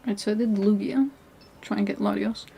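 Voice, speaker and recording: A woman's voice: medium pitch, fairly even intonation, brisk, vocal fry, mellow, breathy edge. Chatty young woman streaming a game. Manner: chatty, answering chat, often laughing and trailing off. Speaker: live streamer. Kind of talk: casual chat while playing a video game.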